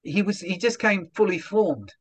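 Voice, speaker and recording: A man, a comedian guest in an interview, telling stories in an animated way and acting out little voiced asides. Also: sits high, normal speed, breathy edge. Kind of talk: conversational interview.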